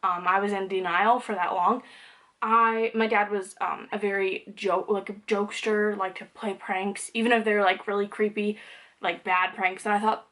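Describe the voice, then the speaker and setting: A woman's voice: mid-range voice, level tone, normal speed, fairly bright tone. A young woman talking candidly to camera in a personal vlog, conversational and loose, with plenty of "like" and "um". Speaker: vlogger.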